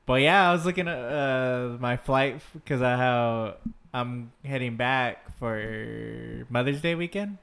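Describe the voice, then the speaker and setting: A man's voice: medium pitch, vocal fry, fairly bright tone. A man in casual chat with friends, rambling with lots of ums and restarts. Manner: unhurried, rambling with many ums.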